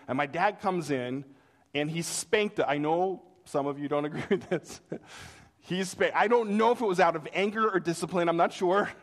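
In a slightly high voice, a middle-aged pastor recounts a story from his childhood during a sermon. He delivers it with animation, performing the voices of the characters.

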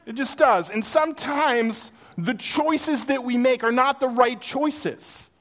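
Guy preaching, kinda high voice, chatty storytelling, big echoey hall. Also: slow pace. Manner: conversational, animated storytelling with acted-out quotes. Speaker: pastor. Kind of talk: sermon with personal stories. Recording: long reverb of a hall.

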